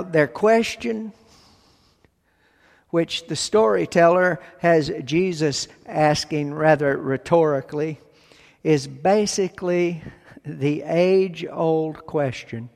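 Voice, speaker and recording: A man preaching a sermon from the pulpit, speaking in slow, deliberate phrases with long pauses. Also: on the high side, creaky, a little mellow. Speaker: pastor. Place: church sanctuary. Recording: long hall reverb.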